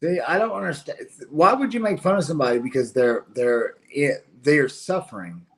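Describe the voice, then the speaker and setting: On a late-night stream, a Kentucky-accented co-host chats casually in an animated, highish voice at a normal pace. His talk wanders and turns indignant, full of false starts.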